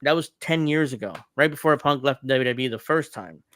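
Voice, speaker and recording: A man's voice: medium pitch, brisk, fairly bright tone, no echo. A man hosting a podcast, recapping wrestling events in casual chat and laughing often. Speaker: podcast host.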